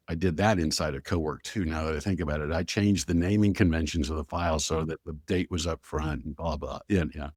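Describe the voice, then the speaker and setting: A man with a fairly low voice, talking as a guest on an interview podcast. He tells anecdotes with energy, acts out what people said, and waves details away with "blah, blah." The sound is dry and close, with no room echo. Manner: animated storyteller who acts out quoted dialogue, with filler "blah, blah". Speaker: guest, AI strategy expert.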